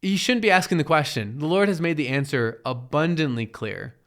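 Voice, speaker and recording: A man's voice: fairly high pitch, animated, fairly quick, fairly bright tone. A man giving a casual Bible teaching in a conversational way, often checking in with "right?" and acting out quoted characters. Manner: acts out quoted characters in the retelling.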